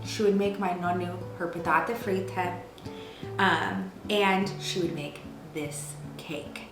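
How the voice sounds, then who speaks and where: A chatty woman in her thirties hosts a home cooking show and tells stories in a playful, gossipy way. Her voice carries a roomy echo from the kitchen, with music playing clearly behind her. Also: lowish voice, steady tone, takes it slowly. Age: 30s. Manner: gossipy, playful storyteller with lots of fillers.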